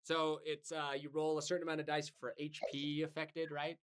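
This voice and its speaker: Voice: medium pitch, little pitch movement, brisk, a little hiss or hum. Casual, laughing game master. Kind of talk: narrating a tabletop game.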